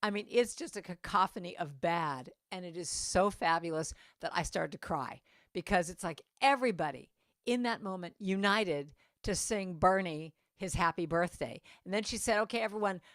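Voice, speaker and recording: Storytelling middle-aged woman speaker, lowish voice. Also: moderate pace, no room sound, studio quality. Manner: animated, acts out quoted voices, laughs while talking. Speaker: guest speaker at a Sunday service. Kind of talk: storytelling sermon.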